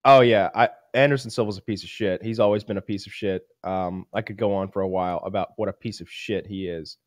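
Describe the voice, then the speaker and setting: A man's voice: on the low side, steady tone, fairly quick, dry recording, studio quality. A man in casual podcast chat, blunt in his opinions and stammering with repeated words.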